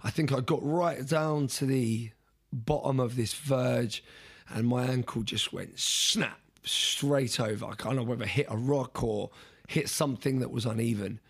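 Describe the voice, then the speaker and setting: A man in an interview chatting through a personal story with a slightly husky, breathy voice at an ordinary pitch. He talks casually and with animation, often doubling up words and restarting his sentences as he goes. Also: measured pace. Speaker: interview guest.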